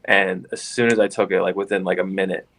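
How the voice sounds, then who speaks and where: Earnest lower-voiced young man. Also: flat delivery, quick pace, fairly bright tone. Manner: earnest, rambling, many fillers. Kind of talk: casual chat.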